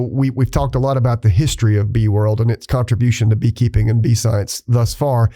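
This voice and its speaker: A man's voice: mid-range voice, warm tone. A man hosting a podcast interview, asking questions and introducing guests in a friendly, enthusiastic way. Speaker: podcast host.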